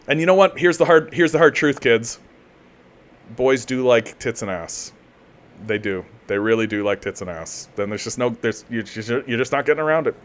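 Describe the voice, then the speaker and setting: A man from Canada hosting a political commentary livestream and reading chat. He rants heatedly, swears often and restarts his sentences again and again. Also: mid-range voice. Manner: profane, heated ranting with repeated restarts.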